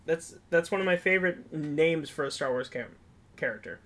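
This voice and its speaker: A young man with a slightly high, bright voice chats on a podcast. He tells stories with animated energy and retells scenes from memory. His delivery stays informal throughout. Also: normal speed. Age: young adult. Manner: animated storyteller. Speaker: podcast co-host. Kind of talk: casual chat.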